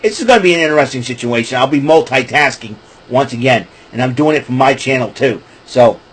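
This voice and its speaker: A man's voice: mid-range voice, a little fast, slightly rough, low-quality recording. A man hosting a casual wrestling recap show, talking in a rambling, chatty way. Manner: rambling, chatty, breaks into laughing fits.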